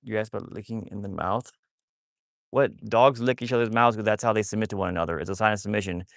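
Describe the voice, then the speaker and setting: A man's voice: on the low side, fairly even intonation, fast, creaky, no room sound, studio quality. A man hosting a casual livestream about rescuing wolfdogs, rambling with many restarts while he talks to his dogs.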